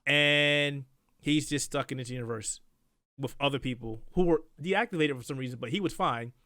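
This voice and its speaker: A man co-hosting a casual podcast, retelling a cartoon's plot with animated quoted lines. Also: mid-range voice, moderate pace, no room sound, clean studio sound. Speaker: podcast co-host. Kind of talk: casual spoiler podcast chat.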